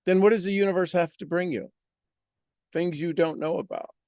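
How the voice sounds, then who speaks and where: A man's voice: high voice, fairly even intonation, normal speed, darkish tone, dry recording, clean studio sound. A man giving a motivational monologue on a live stream, preaching with repeated rhetorical questions.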